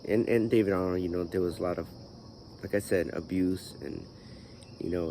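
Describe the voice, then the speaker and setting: A man's voice: low-pitched, warm tone, a little hiss or hum. A man hosting his own channel, talking through his life story in a rambling way with many fillers and a groggy morning voice. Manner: rambling, full of "you know" fillers. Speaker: channel host. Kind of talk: personal vlog talk.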